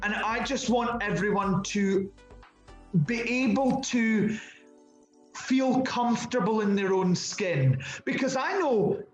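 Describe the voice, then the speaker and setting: High-voiced Scottish man, chatty. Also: reverberant, soft background music, poor audio. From Scotland. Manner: animated and chatty, with quick restarts and repeated words. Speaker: interview guest, drag performer. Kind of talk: casual interview chat.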